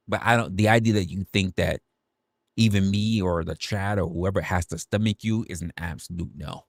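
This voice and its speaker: A young New man who rants animatedly on a livestream, repeating his lines and joking along the way. His voice sits a bit low and sounds dry and close, with no room around it. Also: fairly even intonation, normal speed, creaky, dry recording. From New York City. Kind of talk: casual livestream rant.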